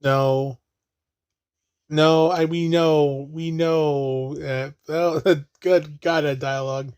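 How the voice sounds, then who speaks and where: A man's voice: a little high, steady tone, drawn-out words, a little mellow, smooth, no echo. A man giving casual watch-along commentary on a movie, laughing often and swearing freely as he riffs jokes.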